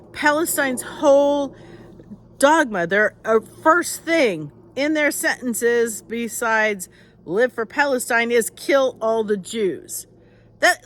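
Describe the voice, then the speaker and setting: A woman's voice: high-pitched, a bit bright. An older woman, an author, with a nasal voice, chatting casually on a live stream, rambling and greeting viewers by name.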